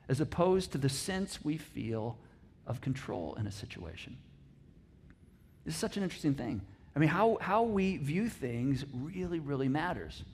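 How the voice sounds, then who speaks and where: A man preaching a sermon as pastor, conversational and animated, often repeating words and laughing as he talks. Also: on the high side. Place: church auditorium.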